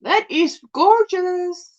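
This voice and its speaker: A woman with a very high, slightly mellow voice speaks very slowly on dull-sounding audio. She's hosting a casual crochet livestream, chatting, exclaiming over projects and greeting viewers by name.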